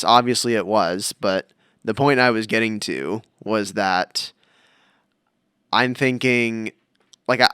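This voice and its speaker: A man's voice: on the low side, bright, forceful tone, smooth, no room sound, studio quality. A man co-hosting a podcast, chatting casually and wandering off into tangents as he tells stories. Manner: rambling, tangent-prone storytelling. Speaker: podcast co-host. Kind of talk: casual chat.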